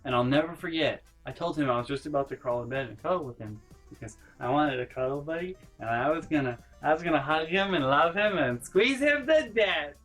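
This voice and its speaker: A young man vlogging college dorm stories in an animated way, acting out voices and sound effects and swearing casually. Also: a little high, a little fast, few pauses, faint music behind. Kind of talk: casual storytelling vlog.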